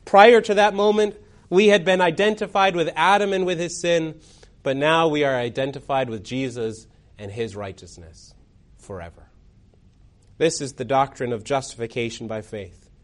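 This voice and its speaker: A man preaches a sermon in a dramatic storytelling manner. His voice sits a little high for a man. He swings from strong, loud phrases down to near-whispered endings. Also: normal speed.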